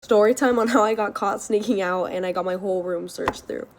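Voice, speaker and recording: An eighteen-year-old woman telling a story in a casual, profane way, rushing through parts, laughing and shrieking when she acts out scenes. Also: medium pitch, slight background noise. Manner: rapid, profane, laughing between lines, shrieking when reenacting.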